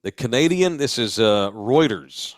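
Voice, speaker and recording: A man co-hosting a sports podcast, his pitch swinging freely as he rants and jokes. His voice sits in the middle of the range and comes across dry and close in the studio. He swears freely and laughs easily. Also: no room sound. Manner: animated, profane, quick to laugh. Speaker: podcast co-host. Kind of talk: casual sports chat.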